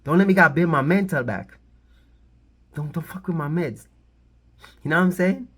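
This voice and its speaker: A man's voice: fairly high pitch, a little fast, long pauses, slightly rough. A man hosting his own channel, giving casual, rambling commentary on the music scene, repeating himself and playfully pleading with viewers. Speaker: channel host.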